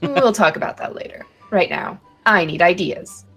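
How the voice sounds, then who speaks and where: Woman gamer, lively intonation, giggly and playful, soft music behind. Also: on the low side, moderate pace, husky. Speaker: video game player. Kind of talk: casual gaming chat.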